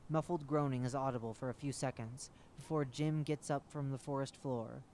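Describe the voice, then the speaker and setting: A male narrator reads a horror wiki entry aloud in a measured, matter-of-fact way, like a formal report. His voice sits at a middle pitch, with faint noise under it. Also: steady tone, warm tone.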